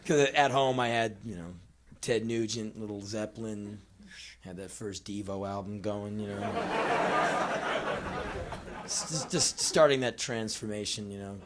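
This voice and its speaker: A man in his twenties doing live spoken word storytelling on a small venue stage, acting out his younger self in quick put-on voices. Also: on the low side, very noisy. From United States. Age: 20s.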